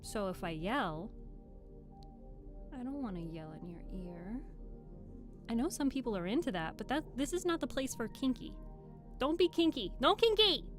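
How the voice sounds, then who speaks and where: A woman's voice: mid-range voice, expressive, moderate pace, pauses often, a little mellow, soft background music. A young woman chatting and joking casually with her live-stream viewers at the microphone. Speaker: streamer and audiobook reader.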